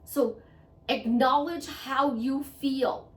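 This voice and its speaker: A woman's voice: high-pitched, fairly even intonation, very slow. Earnest woman giving advice in an echoey room. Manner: earnest, conversational, repeats phrases for emphasis. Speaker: self-help vlogger. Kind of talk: motivational monologue to camera. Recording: echoey room, voice a bit far from mic.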